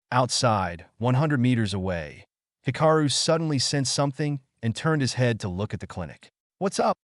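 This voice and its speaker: A male narrator reading a fantasy story aloud in a scripted storytelling style. His pitch moves a lot and keeps the reading animated. The recording is dry, with no room sound. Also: no room sound.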